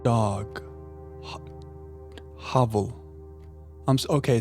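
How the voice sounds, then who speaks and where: A man streaming a puzzle game live, chatting playfully with viewers and thinking out loud. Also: mid-range voice, fairly even intonation, slow pace, long pauses, faint music behind. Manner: playful, chatting to viewers while musing aloud. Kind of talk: live gameplay commentary.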